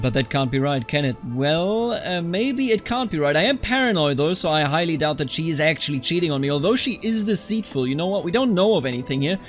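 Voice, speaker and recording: A young man from Germany giving casual gameplay commentary on a strategy game, animated and quick to play-act outrage, scolding the game's characters. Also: on the high side. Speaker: strategy game let's-player.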